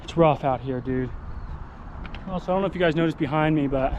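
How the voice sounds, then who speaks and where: A man's voice: on the high side, a little fast, lo-fi sound, noisy background. Rambling sweaty man with a drawl. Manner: rambling, jokey, self-deprecating. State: sweaty, out of breath after running. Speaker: vlogger. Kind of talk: casual running vlog.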